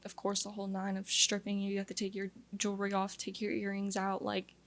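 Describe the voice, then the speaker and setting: A woman's voice: medium pitch, completely flat delivery, brisk. A young woman from Louisiana telling her personal testimony as an interview guest, in an earnest, confessional way with lots of "like" fillers.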